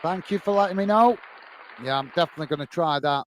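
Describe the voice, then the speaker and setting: A man's voice: a little high, fast talker, a faint crowd, slight background noise. A man hosting a live football watch-along, chatting casually between match commentary and reading viewers' messages, with rambling self-corrections and a friendly "mate" manner.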